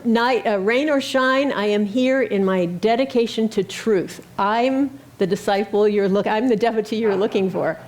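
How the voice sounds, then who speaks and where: A woman's voice: medium pitch, normal speed, few pauses, a little hiss or hum, lightly acted. A woman voicing Bhadraka, a proud old male hermit who boasts of his devotion. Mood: boastful. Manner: boastful, self-assured.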